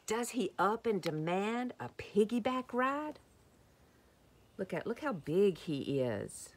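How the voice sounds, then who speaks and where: A woman reading a picture book to young children, gentle and slow, asking questions about the pictures. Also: medium pitch, sing-song, a little hiss or hum. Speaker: children's story time reader.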